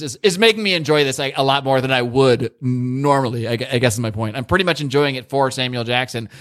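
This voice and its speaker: A man's voice: a little high, fairly bright tone. A man co-hosting a podcast, giving rambling, opinionated takes in casual chat, swearing freely and often restarting his sentences. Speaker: podcast co-host. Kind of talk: casual chat reviewing a TV show.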